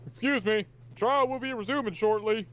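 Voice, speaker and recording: A man's voice: high voice, moderate pace, a bit bright, a little hiss or hum, voice pushed up. A man voicing a fussy elderly male judge in a video game read-along, speaking with mild, dithering courtroom formality.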